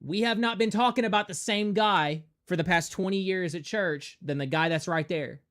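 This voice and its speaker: A man streaming a game, talking casually and emphatically, preaching in a lively, animated way and slipping into mocking voices. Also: high-pitched, normal speed.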